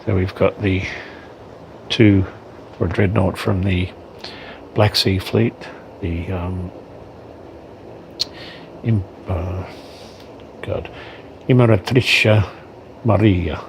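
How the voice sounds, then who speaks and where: A man's voice: low-pitched, steady tone, extremely slow, creaky, long pauses, darkish tone, a little hiss or hum, rough recording. A man giving casual unboxing commentary on his miniatures, hesitant, with frequent ums and self-corrections. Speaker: wargaming hobbyist reviewing miniatures.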